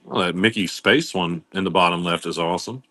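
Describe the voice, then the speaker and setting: Male live-sale host, low voice, easygoing patter greeting viewers, dry close sound. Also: fairly quick, bright, forceful tone, dry recording. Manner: welcomes viewers by name while listing items. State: coughing now and then. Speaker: livestream seller host.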